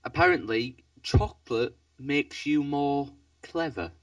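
A man's voice: fairly high pitch, slow pace, dry recording, recorded from a distance. A man co-hosting a casual podcast, talking hesitantly with lots of fillers. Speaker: podcast co-host.

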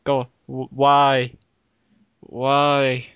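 A man's voice: medium pitch, monotone, extremely slow, smooth, dry recording. Man, podcast co-host, rambling and giggly; dull lo-fi recording with a dry sound. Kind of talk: casual chat.

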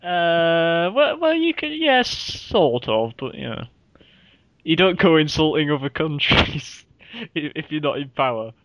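A man's voice: fairly high pitch, sing-song, unhurried, fairly bright tone, highs cut off, slight background noise. A man co-hosting a casual podcast, bantering and laughing often between remarks. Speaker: podcast co-host. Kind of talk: casual chat.

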